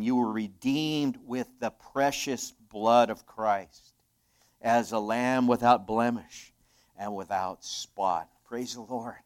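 A man preaches in an earnest, conversational way at a middle pitch. He builds to loud, emphatic swells on key phrases, then drops to hushed, intimate asides to his listeners. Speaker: pastor. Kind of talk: sermon.

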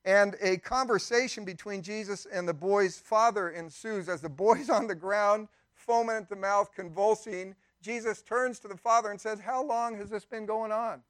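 A man's voice: high voice, moderate pace, hardly any pauses, fairly bright tone, no echo, studio quality. A man pastor preaching a sermon in a conversational way, with emphatic rises and friendly asides.

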